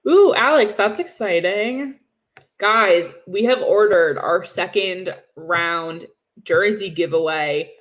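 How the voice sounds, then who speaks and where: A woman's voice: on the low side, takes it slowly. Giggly young woman chatting hockey. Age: young adult. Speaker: podcast co-host. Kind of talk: casual hockey chat, livestream.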